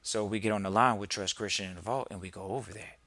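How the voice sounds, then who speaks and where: A man's voice: lowish voice, fairly even intonation, fast, vocal fry, bright, forceful tone. A man hosting a podcast, preaching emphatically in a long monologue and firing off rhetorical questions. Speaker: podcast host.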